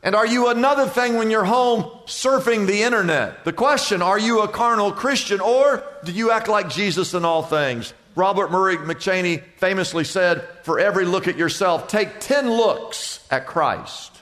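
An older male pastor preaches with a high, ringing voice. He drives his points home with emphatic repetition and rhetorical questions. The sound carries a long hall reverb. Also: moderate pace, few pauses, fairly bright tone. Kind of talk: sermon.

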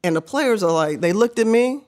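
An older woman and former basketball player telling stories as a podcast guest, animated and laughing, acting out what people said. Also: medium pitch, moderate pace. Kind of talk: casual storytelling interview.

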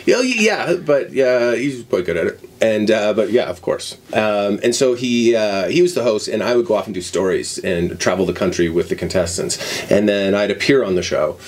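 A man's voice: lowish voice, animated, normal speed. Man from Canada, middle-aged, casual guest chat, playful, faint noise. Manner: playful, teasing.

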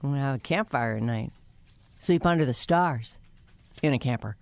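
A woman's voice: very deep voice, animated, normal speed, a little mellow, no room sound. A middle-aged woman co-hosting a radio show, chatty and playful in casual banter. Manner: chatty, playful, laughs easily. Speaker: radio co-host.

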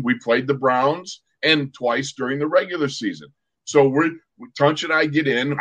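A man's voice: medium pitch, muffled recording. A man in his sixties, a former football player co-hosting a podcast, telling a story with energy and acting out sounds and voices. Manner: lively, acts out sounds and quotes. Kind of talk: animated storytelling.

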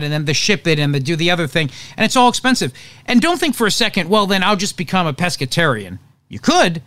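A man's voice: a little high, fairly bright tone, no room sound. A man hosting a talk show, giving opinionated political commentary in an emphatic, sarcastic way.

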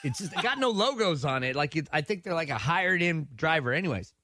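A radio co-host on a morning show tells a story with animation, acting out the quotes as he goes. His voice is fairly high and fast, with a little hiss or hum in the background.

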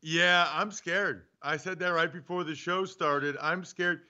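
Teasing, animated male co-host, bright and clear, slightly muffled home audio. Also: a little high, a little slow. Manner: teasing, animated, acts out bits. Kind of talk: casual sports show banter. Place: home studio. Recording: dull lo-fi remote audio.

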